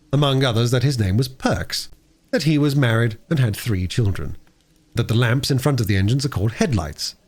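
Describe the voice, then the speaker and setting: A man reading an unabridged classic children's book aloud in an expressive narration. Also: mid-range voice. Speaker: audiobook reader.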